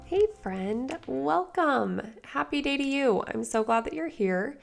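A woman with a hoarse voice from a cold, hosting a podcast as a life coach and chatting straight to her listeners. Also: high-pitched, lively intonation, measured pace, faint music behind. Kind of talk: casual solo podcast talk.

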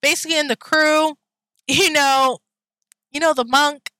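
A young woman chats casually to her viewers, looping through fillers and asides. Her voice sits a little high and sounds bright and forward. The sound is dry and close, with blunt, profane outbursts when she gets worked up. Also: steady tone, measured pace, no room sound. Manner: rambling, chatty, full of fillers and asides to viewers. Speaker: vlogger. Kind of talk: casual anime chat.

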